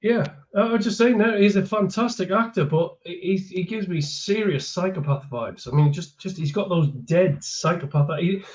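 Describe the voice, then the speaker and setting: A man's voice: high-pitched, normal speed, few pauses, a little mellow, muffled recording. A man in a casual chat, blunt and joking as he gives opinions.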